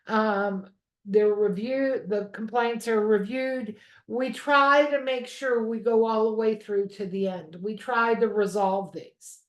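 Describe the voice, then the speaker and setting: A woman instructor teaches a real estate course in a chatty, conversational way and often checks in with "okay?". Her voice sits a little high. The recording carries the echo of a roomy space at home. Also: fairly even intonation, takes it slowly. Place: home room. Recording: echoey room.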